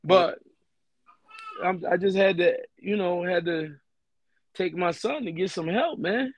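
A man's voice: high-pitched, unhurried, dry recording. A young man talking on a podcast, earnest and emphatic, often repeating himself. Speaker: podcast host. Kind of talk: casual podcast talk.

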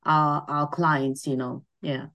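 A woman's voice: low-pitched, flat delivery, takes it slowly, a bit bright, highs cut off. A middle-aged woman speaking as a podcast guest, explaining things earnestly in a casual interview and often adding "you know". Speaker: podcast guest, mental wellness ambassador.

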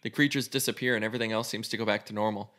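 A man's voice: fairly low pitch, fairly even intonation, very fast, bright, forceful tone. A man casually reading an interactive adventure story aloud as host, with a loose, swearing delivery. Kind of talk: reading a choose-your-own story aloud.

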